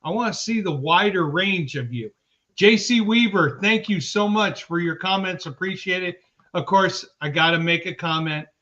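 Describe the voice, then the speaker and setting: A man co-hosting a sports podcast reads out viewers' chat names one by one, casual and upbeat, shouting them out during a live-stream chat. His voice is high-pitched at a moderate pace, and the stream audio is dull and lo-fi.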